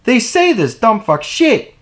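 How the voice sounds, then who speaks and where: A young man hosting his own podcast, ranting about a scandal, profane and heated, swinging from loud indignation to low muttering. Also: wildly swooping pitch, unhurried. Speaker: podcast host. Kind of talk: solo opinion rant.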